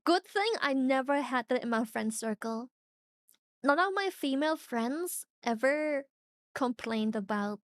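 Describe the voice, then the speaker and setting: A young woman with a high voice chats with her stream viewers in a lively, unfiltered way. She swears freely and breaks into laughter often. The sound is close and dry. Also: dry recording. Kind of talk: casual chat reacting to viewers.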